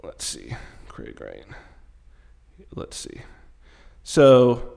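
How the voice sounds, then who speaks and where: A man co-hosting a podcast in casual chat, talking excitably with swearing and many restarts. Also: medium pitch, extremely slow, gravelly. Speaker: podcast co-host.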